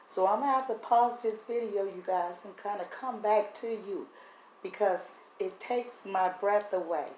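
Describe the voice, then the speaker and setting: This vlogger addresses the camera with earnest, faltering speech about her spiritual impressions, holding back tears as her voice cracks. She has a medium, slightly mellow voice, recorded in an echoey space with a faint hum.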